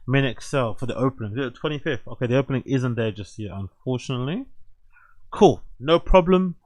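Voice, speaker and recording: A young adult man hosting a show, reading news aloud and reacting with excited, swearing asides. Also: medium pitch, brisk, dry recording. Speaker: host.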